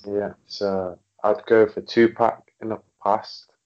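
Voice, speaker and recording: A man with an English accent, a rapper guest in casual chat, relaxed and hesitant, laughing easily. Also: on the low side, takes it slowly, dull audio, a little hiss or hum. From England.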